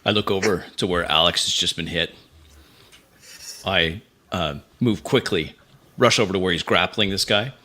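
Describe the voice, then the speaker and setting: A man with a deep yet bright, forceful voice plays a tabletop role-playing game. He describes his character's moves in a plain, matter-of-fact way. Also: normal speed, pauses often. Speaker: player.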